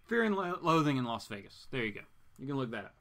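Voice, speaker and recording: A man's voice: mid-range voice, very animated, fast talker, a bit bright. A man hosting a casual live comics show, rambling through his thoughts and chatting back to viewers' comments. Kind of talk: casual live-stream chat.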